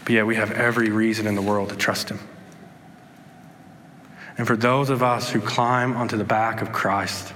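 A man preaching a sermon, earnest and animated, acting out pleading voices and calm replies. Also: fairly low pitch, normal speed, pauses often, a little hiss or hum. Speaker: pastor. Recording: reverberant hall with faint ambience.

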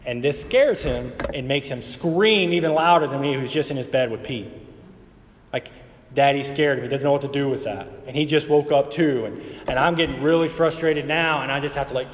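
A man in his thirties preaching a sermon, moving between quiet, conversational storytelling and emphatic passages. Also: mid-range voice. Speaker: pastor. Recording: hall reverb with faint ambience.

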